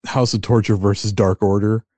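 A man with a low, mellow voice co-hosts a casual wrestling podcast. He is blunt, swears freely and laughs a lot. The sound is dry and close. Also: fairly even intonation, moderate pace, no echo. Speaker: podcast co-host.

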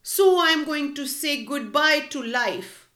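A woman's voice: sits high, expressive, measured pace, pushed and bright, voice pushed up, exaggerated voice. A woman voicing a sad, frightened cockerel. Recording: echoey room.

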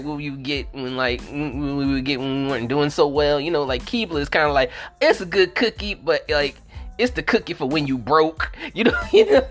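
A man's voice: fairly high pitch, fairly bright tone. A man hosting a movie review show, telling childhood stories in a rambling way, full of "like" fillers, swearing and laughter. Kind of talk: casual nostalgic vlog chat.

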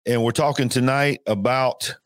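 A man's voice: mid-range voice, steady tone, moderate pace, dry recording, clean studio sound. A man hosting a faith call-in show, talking earnestly and emphatically, with frequent restarts. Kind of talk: preaching-style call-in talk.

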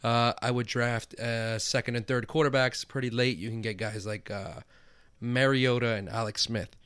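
A man co-hosting a podcast, giving quick, chatty advice full of fillers. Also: mid-range voice, fairly even intonation, a bit bright, clear, resonant tone, no echo. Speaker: podcast co-host. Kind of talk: casual fantasy football chat.

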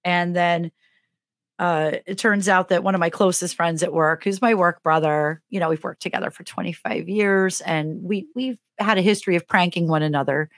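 A woman's voice: on the low side, moderate pace, no echo, studio quality. A middle-aged woman co-hosting a podcast, telling a funny story in a casual way and acting out the voices in it. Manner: animated, acts out the voices in her stories. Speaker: podcast co-host.

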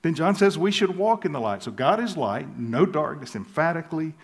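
A pastor from the States, preaching an expository sermon in an earnest, emphatic way, slowing to hushed pauses and soft chuckles. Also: male voice, a little high, big pitch swings. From southern United States.

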